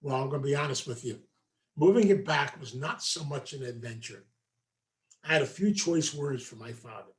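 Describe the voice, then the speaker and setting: A man's voice: mid-range voice, moderate pace. A man, a meditation teacher, giving a folksy storytelling talk to a group, full of asides. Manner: folksy, conversational, many asides.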